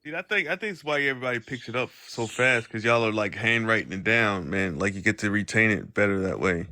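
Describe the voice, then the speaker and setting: A man's voice: on the low side, animated, fast, pushed and bright, no room sound, studio quality. A man chatting casually on a live stream in a laid-back, slangy way.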